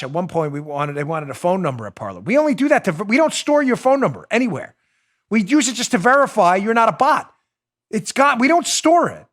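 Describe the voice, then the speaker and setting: A man with a high-pitched voice hosts a political talk show. He talks in an indignant, sarcastic monologue and presses his points with repeated rhetorical questions. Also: fairly bright tone. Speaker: host.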